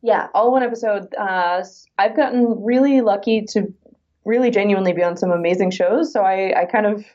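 Here is a chatty woman guest on an interview show, talking about her acting work with frequent laughs and quick asides. Her voice sits in a middling range. The recording sounds a little dull and lo-fi. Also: medium pitch, warm tone. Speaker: actress and guest. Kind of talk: casual interview chat.

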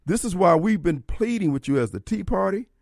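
This fiery male talk radio host delivers an opinionated monologue, preachy and full of rhetorical questions. His voice sits high with lively intonation, fairly quick, gravelly yet a little mellow. Recorded on a studio microphone in a radio studio, it has studio quality with no room sound.

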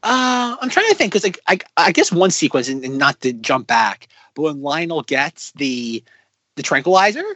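A man co-hosting a casual film podcast, talking excitedly with lots of fillers and restarts. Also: on the high side, moderate pace, dry recording. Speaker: podcast co-host.

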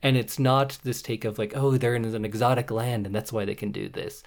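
A man's voice: mid-range voice, fairly even intonation, a little fast, vocal fry. A man with a Canadian accent, co-hosting a casual podcast and talking through a film in a thoughtful, analytical way. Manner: thoughtful, analytical, occasional swearing. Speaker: podcast co-host.

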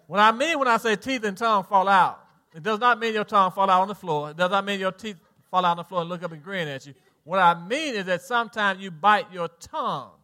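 A middle-aged man with a Southern US accent preaching a sermon as pastor, swinging between soft low lines and loud exhortation, folksy and joking with the congregation. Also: a little fast, few pauses.

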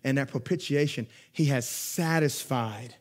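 A young man preaching a sermon as pastor. He talks in a lively, conversational way, swinging between loud emphatic peaks and quiet asides, and laughs through his stories. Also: medium pitch, a little slow. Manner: laughs while telling stories.

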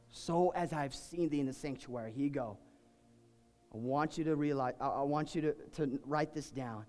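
A man preaching a sermon, swinging from quiet, intimate talk to shouted, fervent peaks. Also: medium pitch, moderate pace. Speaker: pastor. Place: church sanctuary. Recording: long hall reverb, faint music.

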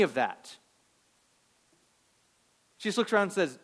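A male pastor in full sermon mode, his voice sitting somewhat high for a man. He drives his points hard, then drops quiet for scripture and quoted lines. He slips into brief voices of people in the story as he goes. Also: big pitch swings, measured pace, pauses often, husky. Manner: dynamic preaching, swings from loud emphasis to hushed quotes.

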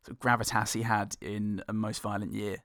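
Gravelly laid-back man. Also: on the low side, little pitch movement, fairly quick, a bit bright, no room sound, clean studio sound. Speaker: film podcast co-host. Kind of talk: casual film review chat.

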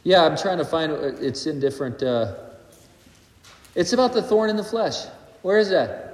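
A man preaching a sermon as pastor, animated, swinging between loud passages and quiet asides. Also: on the high side, normal speed. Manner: animated preaching, rising and dropping in loudness. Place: church hall. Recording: echoey hall recording.

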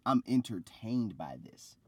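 A young man with a low voice talks in a loose, slangy way. He retells events with energy and acts out other people's lines. His voice sounds dry and close to the mic. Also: a little slow, no room sound. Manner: animated storytelling, acts out quotes, slangy. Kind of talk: casual chat.

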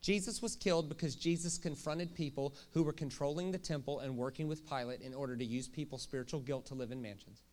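A man preaching a sermon in a jokey, animated way, often checking in with the crowd with quick questions. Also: medium pitch. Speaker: pastor.

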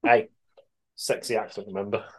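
A man co-hosting a podcast in relaxed, sweary casual chat, laughing along. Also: on the low side, normal speed, breathy edge. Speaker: podcast co-host.

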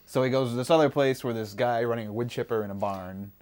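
A man's voice: medium pitch, fast talker, a little mellow. A man co-hosting a casual movie podcast, recapping scenes in a rambling way. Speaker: podcast co-host.

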